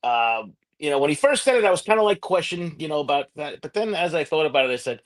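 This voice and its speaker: A man, a former homicide investigator, talking through a case in a relaxed, plain-spoken way. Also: a little high, fast. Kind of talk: casual podcast discussion.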